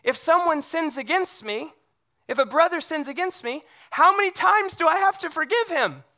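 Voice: very high-pitched, lively intonation, normal speed, bright, forceful tone. A pastor preaching a sermon in a conversational way, often checking in with the congregation through rhetorical questions and animatedly retelling scripture scenes.

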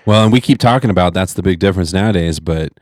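A man's voice: low-pitched, fast talker, a little mellow, no room sound, studio quality. A man hosting a casual podcast chat, rambling and swearing as he trips over his words. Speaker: podcast host. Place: home podcast studio.

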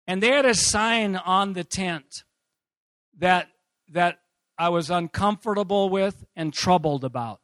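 A male pastor tells a personal story from the pulpit with a high, bright voice. He takes his time over the words, then breaks into laughter and shouts. The sound is close and dry. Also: dry recording. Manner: animated, laughing, bursts into shouts. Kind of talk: sermon storytelling.

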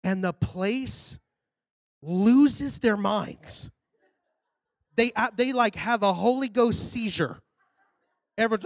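A man preaching a sermon in a church, telling a story in a casual, animated way and building up to loud, shouted exhortations. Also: extremely high pitch, measured pace, no room sound.

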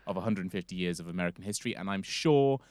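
A man's voice: deep voice, very fast, a little mellow, no room sound. An English man hosting a casual history podcast, rambling and correcting himself as he goes. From England. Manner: rambling, self-correcting, chatty. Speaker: podcast host.

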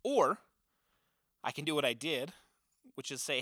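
A man's voice: fairly high pitch, expressive, measured pace, sharp tone, no echo, studio quality. A man in his thirties, a youth pastor, giving an earnest, conversational training talk to volunteer leaders with many filler uhs.

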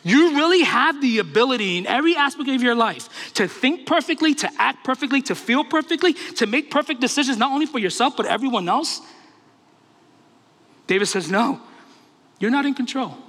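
High, bright-voiced preaching man. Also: lively intonation, big-room sound. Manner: impassioned, asks rapid rhetorical questions. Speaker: pastor. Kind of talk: sermon.

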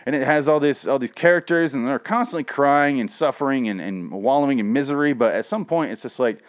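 A man's voice: medium pitch, fast, hardly any pauses. A man giving a casual solo review, rambling and profane, with frequent restarts. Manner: swings from ranting to mumbling self-deprecation. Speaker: comic and TV reviewer.

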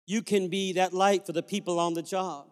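A man's voice: high voice, steady tone, normal speed. A male pastor preaching a sermon in a church, telling stories and then fervently urging the congregation to praise. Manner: storytelling, fervent, exhorting. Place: church sanctuary. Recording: reverberant church hall.

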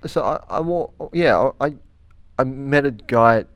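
A man's voice: medium pitch, measured pace, smooth, dry recording. A young man with an Australian accent telling his story casually in an interview, rambling with many restarts. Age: young adult. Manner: rambling, many restarts, lively when quoting others. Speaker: interview guest.

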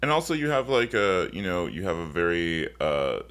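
A man's voice: low voice, big pitch swings, normal speed, fairly bright tone. A man hosting a podcast, chatty and effusive, with casual slang. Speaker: podcast host. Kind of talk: casual interview talk.

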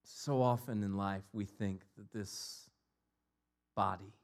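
A man from Ohio preaching a sermon, mixing jokey, animated asides with earnest, quieter scripture reflection. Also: fairly low pitch, slow. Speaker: pastor.

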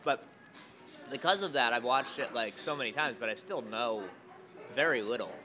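A man's voice: medium pitch, moderate pace, a crowd in the background. A man chatting casually as a guest, telling rambling stories with jokes and asides. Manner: rambling, joking storyteller. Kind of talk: casual conversation.

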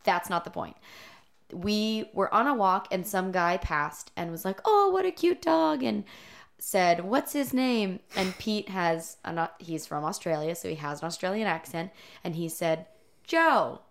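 A woman's voice: lowish voice, normal speed. A young woman co-hosting a casual podcast, telling a story and laughing often. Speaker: podcast co-host. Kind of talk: casual chat.

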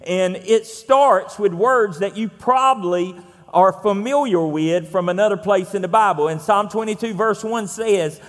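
A Southern US man preaching a sermon in a relaxed, folksy, conversational way, often pausing on fillers. His voice sits high for a man, and a long reverb from a large church room trails every phrase. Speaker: pastor.

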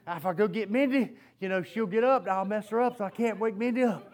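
A preacher with a notably high voice delivers his sermon as a lively story. He often breaks into laughter mid-sentence as he talks to the congregation. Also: fast talker. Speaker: pastor.

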